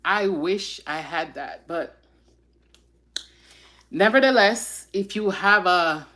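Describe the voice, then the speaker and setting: Slow-talking, heartfelt woman host. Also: on the low side, pushed and bright. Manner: heartfelt, emotional and reflective; pauses often with sighs and fillers. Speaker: live-stream host. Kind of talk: casual live-stream talk.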